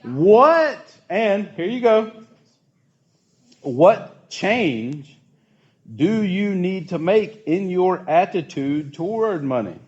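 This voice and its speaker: A man's voice: high voice, animated, extremely slow, darkish tone, lo-fi sound. A man leading a casual church youth group talk, chatty and asking the group questions.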